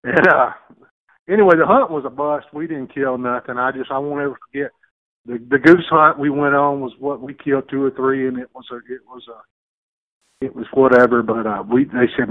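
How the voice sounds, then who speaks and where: A man's voice: mid-range voice, a little fast. Man telling a rambling story. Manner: rambling, folksy, lots of restarts and quoted voices. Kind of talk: casual storytelling. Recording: tinny phone-like radio sound.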